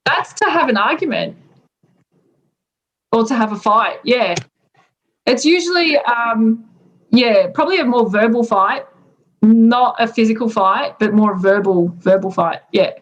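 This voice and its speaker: An Australian woman talks through slang terms one by one in a relaxed, chatty way, laughing often as she goes. Her voice sits a little high and she takes her time. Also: measured pace, long pauses, dull audio. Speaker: teacher explaining slang. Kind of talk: casual explanation.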